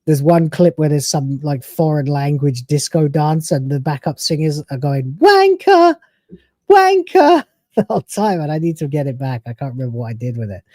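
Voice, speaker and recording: A man's voice: fairly high pitch, a little fast, few pauses, mellow, no room sound. A man hosting a live stream, reacting to a video with profane, ranting commentary and frequent laughter.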